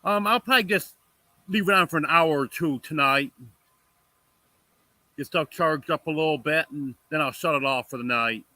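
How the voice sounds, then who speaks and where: A man speaks in a bright, fairly high voice, giving brief, matter-of-fact answers in casual chat. His voice sounds dry and close, with no room echo. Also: normal speed, long pauses. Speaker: livestream guest.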